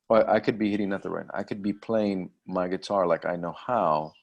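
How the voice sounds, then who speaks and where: A man's voice: low-pitched, fairly even intonation, normal speed, gravelly. A man hosting a livestream conversation, asking questions and pressing them by repeating himself. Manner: probing, repeats his questions. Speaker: livestream host. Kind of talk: casual conversation.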